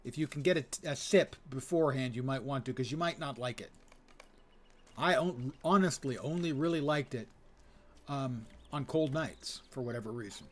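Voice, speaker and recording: A man's voice: mid-range voice, normal speed. Older man chatting dryly while gaming. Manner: dry, digressive humor. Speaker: game streamer. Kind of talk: casual chat while playing.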